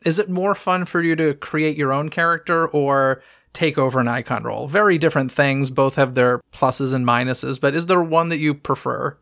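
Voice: mid-range voice, moderate pace, few pauses, a bit bright. Podcast host asking questions. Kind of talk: casual interview.

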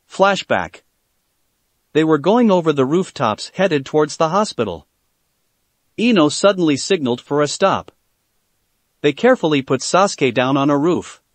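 A man reading a fan fiction story aloud, steady and plain in his storytelling. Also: on the high side, moderate pace, no echo. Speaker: narrator.

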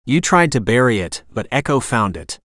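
Gruff retired SEAL, calm and clipped, read by a male narrator, dry close sound. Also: mid-range voice, normal speed, dry recording.

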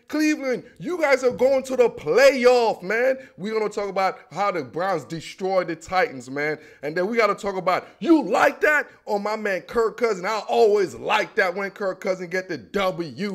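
A young man hosting a casual football talk show, animated and full of slang, ending lines with "man" and "dog". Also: fairly high pitch. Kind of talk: casual sports commentary.

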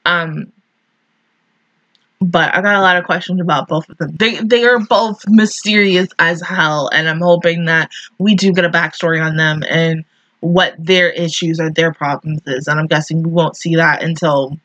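A woman hosting an anime reaction video, gushing excitedly and swearing freely in casual commentary. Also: sits low, normal speed, dry recording, lo-fi sound.

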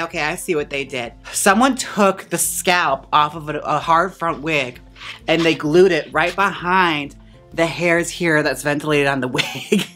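A wig stylist and channel host with a fairly high, bright, forceful voice leads a wig-styling video. His casual tutorial chat is playful, campy, and talkative.

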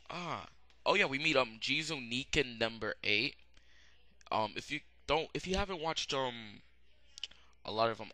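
Young guy rambling thru an anime review, lots of ums, really bright voice, dry close sound. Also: mid-range voice, dry recording. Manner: rambling, many "um"s, bursts of loud excitement. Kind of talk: casual spoken review.

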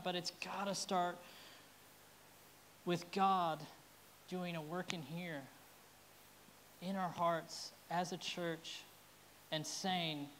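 A woman's voice: lowish voice, fairly even intonation, takes it slowly, pauses often, slight background noise. A woman pastor preaching a sermon in an earnest, heartfelt way, at times openly emotional.

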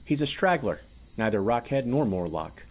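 A man voicing a sly, excitable male fool who talks in rustic broken grammar. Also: medium pitch, moderate pace, pitched above the performer's own voice. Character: giggling scrawny male fool, sly guide.

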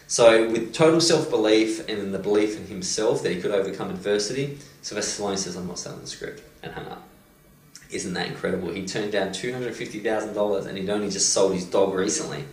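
A man, a motivational coach, retelling a story with animated delivery and many "you know"s and "um"s. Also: fairly low pitch, brisk. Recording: roomy echo, distant mic.

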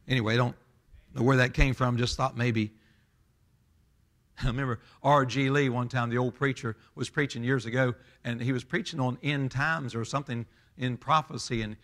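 A man over fifty, preaching a sermon in an emphatic, folksy way that swells loud. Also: medium pitch, a little fast. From Southern US. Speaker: pastor.

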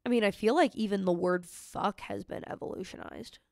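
A woman's voice: medium pitch, fairly quick, gravelly, a little mellow, dry recording, clean studio sound. A young woman talking as a guest on a podcast, chatting casually and rambling with lots of fillers. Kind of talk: casual chat.

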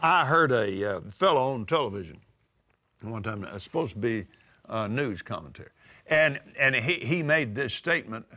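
An older man preaching a sermon, emphatic and drawing out scripture quotes slowly. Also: mid-range voice, animated, sharp tone. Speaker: televangelist preacher. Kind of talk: sermon-style teaching.

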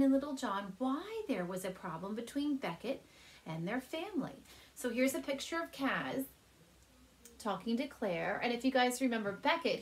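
A woman teacher reading a children's chapter book aloud from her couch at home, speaking gently and warmly to young listeners. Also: on the high side. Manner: gentle, animated storyteller addressing kids.

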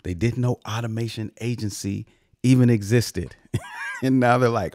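A man's voice: medium pitch, moderate pace, a little mellow, dry recording, studio quality. A man hosting a podcast interview, talking in an effusive, casual way with many repeated words and restarts. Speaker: podcast host.

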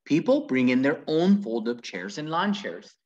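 A man reading a children's book aloud with very lively, animated storytelling. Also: a little high, moderate pace, highs cut off. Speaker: reader.

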